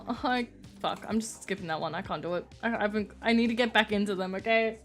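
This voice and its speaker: A woman's voice: medium pitch, brisk, faint music behind. A young woman streaming a game, flustered and laughing, who swears casually and talks to her chat. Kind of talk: live-streamed game playthrough.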